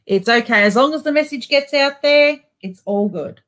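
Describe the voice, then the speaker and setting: A woman's voice: high-pitched, normal speed, fairly bright tone. A woman who is a guest on a livestream, easygoing and supportive, who laughs often. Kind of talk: casual livestream chat.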